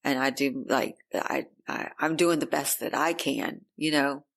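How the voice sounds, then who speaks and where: A woman's voice: extremely low pitch, steady tone, measured pace, gravelly. A woman co-hosting a casual podcast chat, earnest, agreeable and openly emotional. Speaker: podcast co-host.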